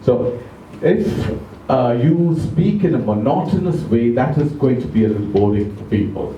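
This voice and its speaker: A man with an Indian English accent giving a measured, emphatic talk on public speaking to a club audience. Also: medium pitch, expressive, dark tone, distant mic, slight background noise. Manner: measured, emphatic, slows down to stress words. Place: large club meeting room. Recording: echoey room, speaker off mic.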